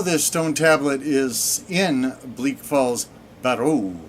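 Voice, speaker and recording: A man giving sarcastic, deadpan commentary while playing a video game. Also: medium pitch, slow. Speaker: let's play gamer. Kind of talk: gameplay commentary.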